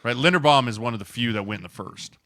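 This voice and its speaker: A man co-hosting a podcast, a former lineman talking in a casual, animated storytelling way. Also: mid-range voice, fast, dry recording, studio quality. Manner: animated, shouts acted quotes.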